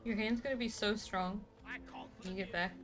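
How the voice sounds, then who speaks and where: A woman's voice: medium pitch, steady tone, normal speed, music in the background. A woman with an Australian accent, chatting playfully and teasing her co-player while streaming a game. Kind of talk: casual gaming chat.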